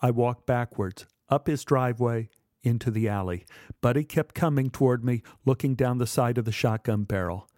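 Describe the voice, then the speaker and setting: A man telling a first-person memoir story in a measured, dramatic way. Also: medium pitch, darkish tone, no room sound, clean studio sound. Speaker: narrator.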